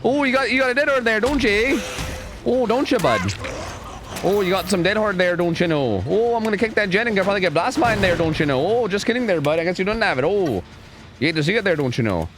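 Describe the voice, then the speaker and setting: A man's voice: high-pitched, animated, fast talker, background noise, voice pushed up. A man putting on a folksy, over-polite Canadian-style character with a mock Canadian accent, sing-song and teasing.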